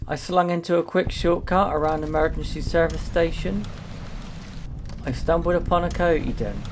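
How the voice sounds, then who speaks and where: A young man narrating a game run with cheeky, jokey commentary and plenty of self-mockery. His voice sits a touch high. Faint hiss and room noise can be heard behind him. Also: moderate pace. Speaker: gaming YouTuber. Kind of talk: comedic gameplay commentary.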